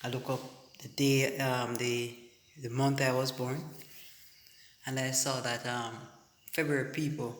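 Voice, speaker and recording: A man's voice: medium pitch, a little slow, pauses often, roomy sound, slight background noise. A Jamaican man talking casually to viewers as a vlogger, calling them guys and peppering his story with "you know". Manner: animated, addresses viewers as guys, many you-knows.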